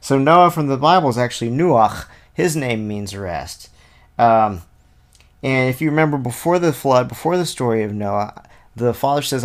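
A man leading an informal Bible study, reading passages aloud and then explaining them in a relaxed, conversational way, often thinking out loud. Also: mid-range voice. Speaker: Bible teacher.

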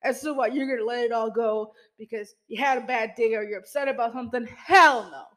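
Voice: mid-range voice, brisk, bright, forceful tone, poor audio. A podcast host giving an emphatic motivational pep talk, addressing listeners directly as "y'all" and peppering the talk with "you know" and mild swearing. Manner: speaks straight to listeners as "y'all".

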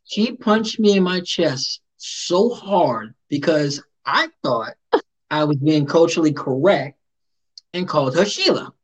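A man hosting a casual interview, joking around in a playful, animated way. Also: a little high, a little slow, slightly rough, poor audio. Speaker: host.

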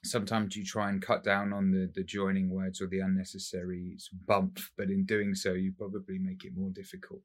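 Low-voiced man, chatty and playful. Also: monotone, brisk, few pauses. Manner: laughs often, chatty and playful. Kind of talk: casual chat among friends.

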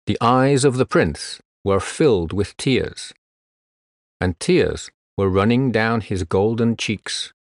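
A man narrating a storybook tale in a slow, expressive reading style. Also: fairly low pitch, no room sound, studio quality.

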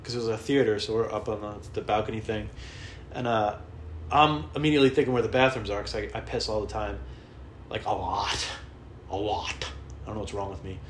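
A man's voice: lowish voice, a little fast, slight background noise. A man telling a rambling, profane, self-deprecating story in a casual vlog. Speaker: vlogger. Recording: roomy with faint ambience.

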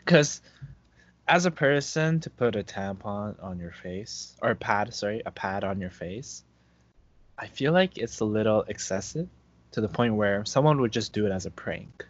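A man in a casual chat, animated and jumping up in pitch for emphasis. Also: moderate pace. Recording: dull lo-fi recording.

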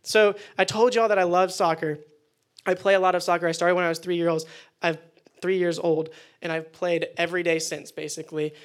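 A young man giving a casual youth sermon, animated and acting out quoted prayers. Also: sits high, a little fast. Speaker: youth pastor.

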